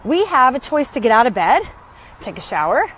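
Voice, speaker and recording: A woman's voice: on the high side, very animated, a little fast, fairly bright tone, a little hiss or hum. A middle-aged woman and business coach talking in a chatty, upbeat motivational vlog, filmed on a phone outdoors in her neighborhood. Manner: chatty, upbeat, greets neighbors mid-talk.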